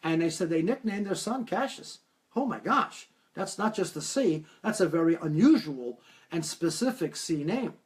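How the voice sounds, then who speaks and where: A man giving a live-stream talk as a medium, taking viewer questions and telling stories with lively acted-out quotes. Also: fairly high pitch, moderate pace. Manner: animated storytelling, acts out quoted voices.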